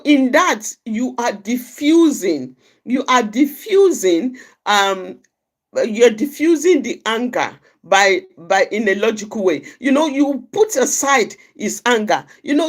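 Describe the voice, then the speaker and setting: Middle-aged woman from Nigeria, fairly high and very animated, informal advice talk, repeats lines. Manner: repetitive, restarts phrases, acts out quoted dialogue. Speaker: outreach speaker.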